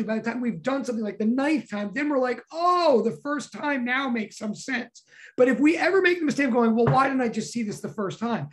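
Excitable physics teacher lecturing loudly. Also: mid-range voice. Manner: excitable, emphatic, says "like" a lot, loud bursts. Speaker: physics professor. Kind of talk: energetic classroom lecture.

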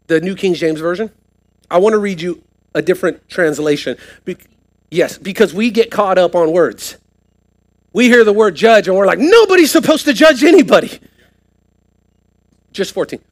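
A man's voice: sits high, normal speed, long pauses. A man preaching a sermon as pastor to a live congregation, putting questions to the room and pressing points with rising emphasis. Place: church sanctuary, live service.

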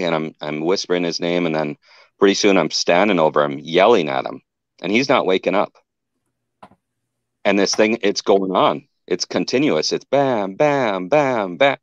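A very deep-voiced man tells his story in a loose, rambling way, backing up to fix details as he goes. The sound is dry and a little dull, like lo-fi call audio with no room echo. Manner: rambling, restarts and self-corrections. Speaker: guest telling an encounter. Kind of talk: casual storytelling.

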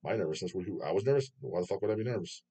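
A man's voice: low-pitched, animated, racing, warm tone, slightly rough. A man hosting his own channel, reading viewer comments aloud and answering them in a rambling, profane way, laughing often. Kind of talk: casual chat.

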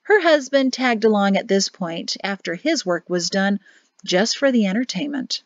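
A woman's voice: mid-range voice, animated, normal speed, no room sound. Woman narrating an audiobook, dull dry sound. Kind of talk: scripted narration.

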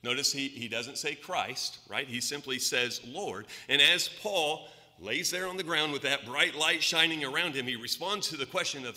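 An American man preaching a sermon in a church, emphatic, asking rhetorical questions, his voice swinging between loud and soft. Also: mid-range voice, expressive, normal speed. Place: church sanctuary. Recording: long reverb of a church hall.

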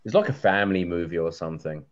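Low-voiced man running a tabletop game. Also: expressive, fast talker. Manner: chatty, many ums and restarts. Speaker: game master. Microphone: video call. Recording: lo-fi video call audio.

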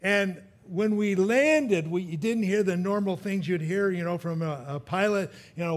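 A man's voice: high voice, a little slow. A male pastor preaching a sermon and telling a personal story, chuckling at his own jokes and often restarting his sentences.

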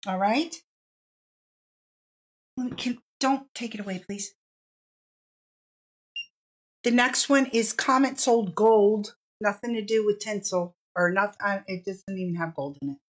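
A woman's voice: medium pitch, normal speed. A woman hosting a casual live fabric sale stream, bubbly and chatty, stretching out each product name as she shows it.

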